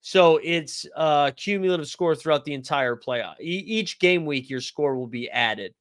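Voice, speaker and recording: A man's voice: on the high side, lively intonation, measured pace, fairly bright tone. A man hosting a fantasy basketball livestream, chatting loosely and jokingly, greeting viewers by name from the comments. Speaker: fantasy sports livestream host. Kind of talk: casual livestream chat reading viewer comments.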